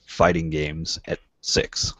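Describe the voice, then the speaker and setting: A man's voice: rumbling low, completely flat delivery, slow, fairly bright tone, no echo. A man co-hosting a gaming podcast in casual chat, teasing the others with wisecracks. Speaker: podcast co-host.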